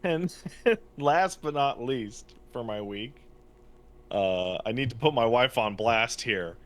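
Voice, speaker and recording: A young adult man co-hosting a podcast in casual chat, an animated storyteller who acts out his quotes. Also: mid-range voice, takes it slowly. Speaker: podcast co-host. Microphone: studio podcast mic.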